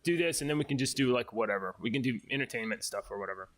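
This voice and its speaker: A man's voice: medium pitch, expressive, rapid-fire, fairly bright tone. A man co-hosting a casual podcast, reading news stories aloud with laughs and mocking quoted voices. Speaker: podcast co-host.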